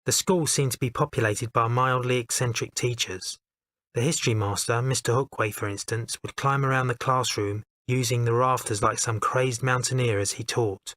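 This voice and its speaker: A man narrates his own memoir in a measured, heartfelt and candid way. His voice sits at an ordinary middle pitch. It is recorded on a close studio mic with a dry sound and no room echo. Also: steady tone, fairly bright tone.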